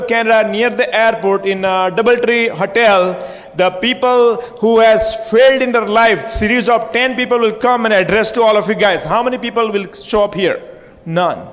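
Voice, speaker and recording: Man, high pitch, audience-prodding stage talk, long reverb. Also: a bit bright. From India. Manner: repetitive, punchy, audience-prodding. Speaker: motivational speaker. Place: hotel conference hall.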